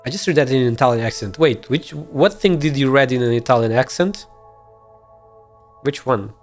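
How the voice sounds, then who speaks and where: A man streaming a game and chatting casually, relaxed, mumbling his plans and swearing now and then. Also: medium pitch, moderate pace, soft background music.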